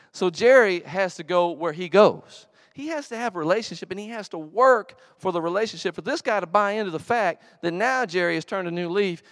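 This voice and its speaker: A man preaching a sermon in a church, telling a story in a conversational, animated way with asides to the congregation. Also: high-pitched, no echo, studio quality. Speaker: pastor.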